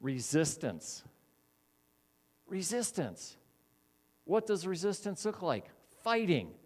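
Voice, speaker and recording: A man preaching a sermon as a minister, animated, acting out quoted voices and repeating key words. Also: medium pitch, a little slow.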